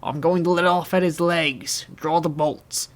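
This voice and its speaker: Man voicing a calm bearded gunman, terse, steady, storybook. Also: a little high, measured pace, voice pushed up, lightly acted. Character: cool armed bearded American man.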